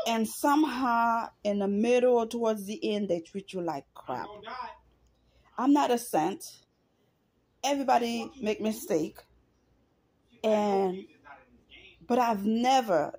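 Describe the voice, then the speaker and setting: A woman's voice: mid-range voice, mellow. A middle-aged woman talking straight to camera in an emotional, earnest personal monologue, repeating herself for emphasis. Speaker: vlogger.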